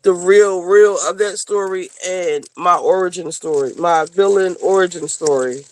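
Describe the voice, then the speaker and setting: A woman hosting a casual livestream, chatting to viewers and getting loud and teary with excitement over new supporters. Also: fairly low pitch, measured pace. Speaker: livestream host.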